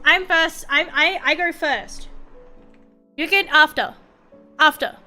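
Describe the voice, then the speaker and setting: A young Australian woman chats loosely on a stream while drawing, her voice high and sharp-edged. She rambles, swears freely and jokes at her own expense. Quiet music sits behind her. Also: slow. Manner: rambling, profane and self-mocking. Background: faint background music.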